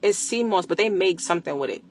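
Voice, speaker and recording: Animated woman chatting on a live stream. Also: fairly low pitch, quick pace. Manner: animated, repeats phrases for emphasis, laughs often; slangy and emphatic. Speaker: livestreamer promoting a product. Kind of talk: casual live stream chat.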